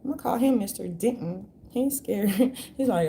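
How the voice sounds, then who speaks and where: A woman's voice: medium pitch, moderate pace, gravelly, few pauses, mellow, a little hiss or hum. A woman vlogger ranting in a meandering, profane, slangy way. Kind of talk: rambling casual rant.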